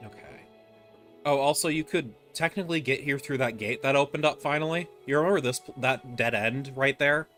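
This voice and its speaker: A man at an ordinary middle pitch talks a friend through a co-op game, calm and patient as he explains each step. His voice sits over faint game music in a casual voice-chat recording. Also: moderate pace. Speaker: player guiding a co-op game.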